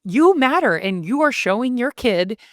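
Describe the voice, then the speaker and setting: A woman who is an author and podcast guest, telling stories in an animated way and acting out the voices she quotes. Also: on the high side, normal speed, no room sound, studio quality. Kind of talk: casual podcast conversation.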